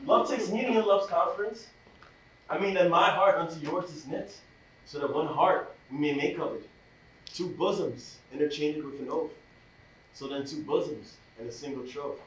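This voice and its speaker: A man's voice: on the high side, moderate pace, slight background noise, close to an everyday voice. An actor playing an ardent, impulsive young male lover, declaiming verse on a live stage. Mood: tender. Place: theater stage. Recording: echoey stage, recorded from far off.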